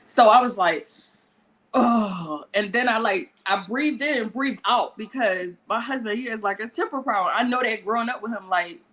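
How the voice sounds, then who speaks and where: A woman telling a story on a podcast in a casual, animated, profane way. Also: fairly high pitch, moderate pace. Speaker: podcast guest.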